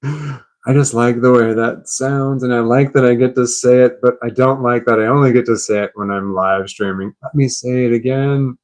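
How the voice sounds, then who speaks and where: A man's voice: medium pitch, steady tone, moderate pace, a little mellow. A man chatting on a live stream, puzzled and rambling, laughing at himself.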